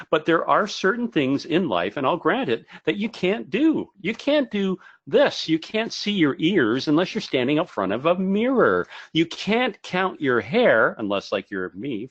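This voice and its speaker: A male speaker presents a webinar with an animated, joking delivery, his pitch swinging widely as he talks. The sound is dry and a little dull and muffled. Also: no room sound. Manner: animated, jokey, self-deprecating. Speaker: video marketing speaker.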